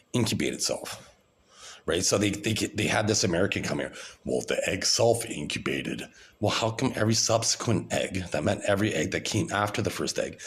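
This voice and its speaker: A man talking to camera in a rambling, grandiose vlog monologue, with frequent restarts and repeated words. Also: sits low.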